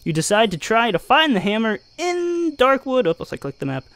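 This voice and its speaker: High gravelly man narrating a gamebook. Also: huge pitch swings, brisk, a bit bright, dry recording. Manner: jokey asides. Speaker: narrator and game master. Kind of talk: reading a gamebook aloud.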